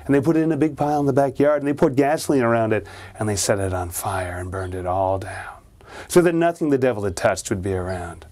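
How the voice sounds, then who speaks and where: A man's voice: medium pitch, animated, quick pace, darkish tone. A man telling a ghost story aloud, dramatizing the characters with shifts of voice.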